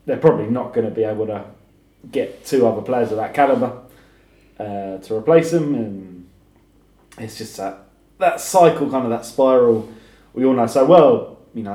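A man's voice: mid-range voice, warm tone, reverberant. A man on a football podcast, thoughtful and often saying "you know". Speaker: podcast panelist. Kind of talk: casual football chat.

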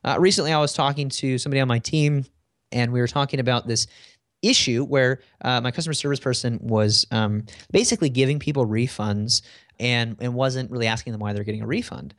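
A man's voice: mid-range voice, fairly quick, fairly bright tone, no room sound, studio quality. A man in a casual interview, telling work stories in a conversational way with frequent fillers. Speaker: guest.

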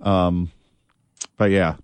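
A man's voice: low-pitched, level tone, drawn-out words, smooth, no room sound. A man co-hosting a sports radio show with joking, playful banter. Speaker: radio co-host. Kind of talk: casual sports radio chat.

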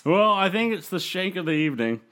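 A man's voice: sits high, very animated, brisk, fairly bright tone. A man casually recapping a wrestling show on a podcast, rambling with fillers. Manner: loose, rambling recap with fillers and quoted voices. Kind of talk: casual chat, play-by-play recap.

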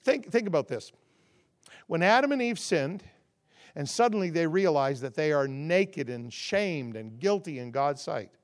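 A man preaching as a guest, stacking rhythmic contrasts that swell loud and then dropping into a relaxed, conversational and humorous storytelling tone. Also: measured pace. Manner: rhythmic call-and-response contrasts, rising to loud emphasis then dropping low. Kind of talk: sermon.

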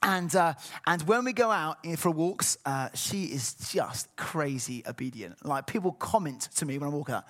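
A middle-aged man preaching a sermon, telling personal stories with animated, acted-out dialogue. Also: fairly high pitch, normal speed. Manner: animated storytelling, acts out voices.

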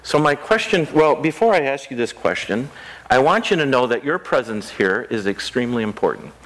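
A man pastor gives a children's sermon in a rural church, speaking conversationally and asking the kids simple questions. His medium-pitched voice is animated, fairly quick, and a bit bright, in a rough recording.

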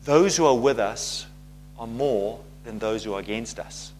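A preacher voicing a calm old male prophet in a sermon story, speaking low and solemn. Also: a little slow, lightly acted.

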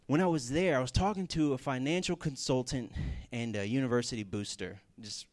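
A man preaching a sermon in a casual way, telling stories with lively bursts and everyday fillers. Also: mid-range voice, brisk. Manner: casual, animated storytelling with fillers. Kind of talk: sermon with storytelling.

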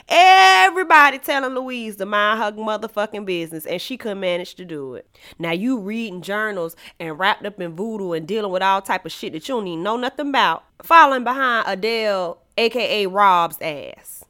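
A woman hosting a podcast, ranting about a TV show in a profane, dramatic way, swinging from shouting to low asides. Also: animated, moderate pace, clean tone. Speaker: podcast host reviewing a TV show. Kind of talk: animated comedic rant.

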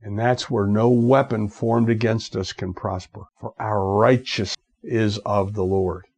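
A man's voice: lowish voice, little pitch movement, a little slow, darkish tone, slightly rough. Fervent preacher man. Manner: fervent preaching with repeated phrases. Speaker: radio preacher. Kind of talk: sermon.

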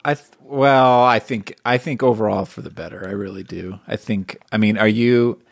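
A man co-hosting a talk show, speaking in a relaxed, thoughtful way with frequent short agreements. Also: on the low side, normal speed, creaky, no room sound. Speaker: radio co-host. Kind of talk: casual talk-show chat.

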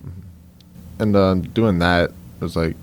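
Young Cajun male guest, very low voice, relaxed, lots of "um" and "like", slight hiss. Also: takes it slowly. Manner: easygoing, many fillers like "um" and "like". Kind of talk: conversational interview.

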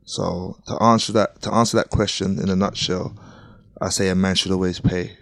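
A man's voice: low voice, fairly even intonation, normal speed, creaky, no echo, studio quality. A man, co-hosting a casual podcast chat in a laid-back, confident way. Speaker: podcast co-host.

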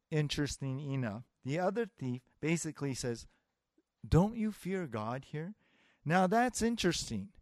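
A man's voice: medium pitch, a little mellow, no echo, clean studio sound. A man preaching a sermon as pastor, in a conversational way that acts out the voices he quotes. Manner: conversational, with filler words and restarts, acting out quoted voices.

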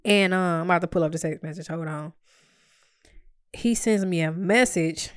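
A woman's voice: fairly low pitch, normal speed, dry recording. Woman, vlogger, candid storytime, profane and blunt, exasperated, dry close sound. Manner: blunt and profane, acts out her own quoted lines. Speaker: vlogger telling a personal story.

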